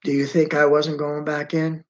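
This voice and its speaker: Though his story is dramatic and emphatic, told as an eyewitness in the first person, this man's fairly high voice stays monotone. He stops to direct someone moving a map on screen, and the audio is dull.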